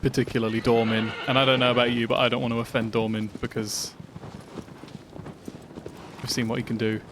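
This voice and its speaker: A man streaming a video game from his flat, making puns and chatting with viewers. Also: medium pitch, fairly quick, background noise. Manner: jokey, punning, chatty with viewers. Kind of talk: live gameplay commentary. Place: home flat. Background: music.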